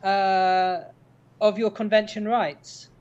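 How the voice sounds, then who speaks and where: A man speaking as a guest author in an online chat, in a measured, formal way. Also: sits high, level tone, clean tone, dull audio. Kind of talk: interview chat.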